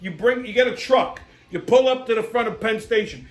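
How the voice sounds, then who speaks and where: High-voiced ranting, swearing man. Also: brisk. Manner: blunt, swearing, ranting, repeating "okay?"; tells a story with confrontational bravado. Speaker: host. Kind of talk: profane rant commentary.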